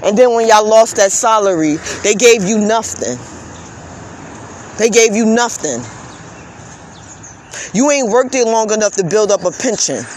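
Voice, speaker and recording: A woman's voice: medium pitch, expressive, a little slow, long pauses, darkish tone, a little hiss or hum. A woman vlogger delivering an impassioned, profane rant. She stammers into restarts and keeps throwing rhetorical questions at her viewers. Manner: fervent and preachy, prone to stammered restarts. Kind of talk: impassioned social media rant.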